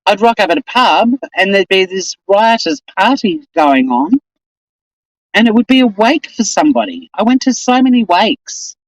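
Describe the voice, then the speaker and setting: A woman's voice: medium pitch, animated, moderate pace, dry recording, highs cut off. A woman with an Australian accent, hosting a casual live stream and chatting in a rambling, exasperated way.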